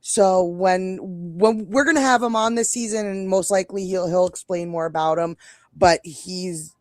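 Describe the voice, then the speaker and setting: A woman's voice: medium pitch, a little mellow, dry recording, studio quality. A woman with a New York accent co-hosting a casual live stream, chatty and rambling, often breaking off mid-sentence. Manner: chatty, rambling, self-interrupting. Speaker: co-host.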